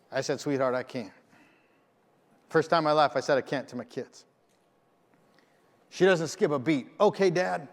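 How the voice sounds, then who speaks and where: A man's voice: fairly high pitch, moderate pace, pauses often. A man giving a motivational keynote, telling a story with emphasis and acting out the lines of the people in it. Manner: emphatic, acts out dialogue in the story. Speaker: keynote speaker. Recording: long hall reverb.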